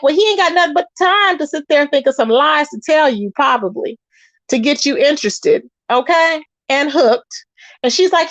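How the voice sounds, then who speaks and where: Chatty high-voiced woman gossiping. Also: no echo, highs cut off. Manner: animated, chatty, reacts to live chat. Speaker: commentary channel host. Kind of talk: casual gossip commentary.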